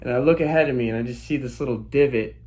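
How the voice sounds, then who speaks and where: A young man telling a childhood story in a casual, animated way, full of sound effects and exclamations. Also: mid-range voice, fast talker. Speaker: storytelling vlogger.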